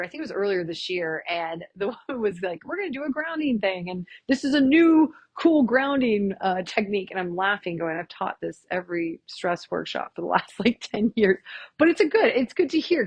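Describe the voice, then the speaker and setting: A woman chiropractor leading a stress workshop in a chatty, self-mocking way and guiding the listeners through slow breathing counts. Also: medium pitch, slightly rough, dry recording. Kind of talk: casual live workshop talk.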